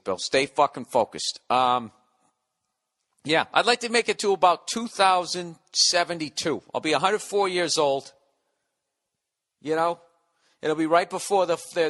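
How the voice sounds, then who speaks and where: Podcast host, man in his 40s, from the United States, high bright voice, sarcastic profane rant. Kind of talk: solo comedic rant.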